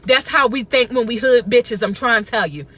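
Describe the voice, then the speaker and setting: A woman's voice: a little high, moderate pace, fairly bright tone, husky. A woman, talking to camera in a blunt, profane, emphatic casual rant. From Baltimore. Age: 30s. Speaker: vlogger.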